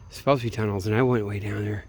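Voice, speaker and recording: A man's voice: fairly low pitch, steady tone, racing, darkish tone, slight background noise. A man from Minneapolis in a meandering, late-night solo monologue, swearing freely and often trailing off mid-thought. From Minneapolis, USA. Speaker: vlogger.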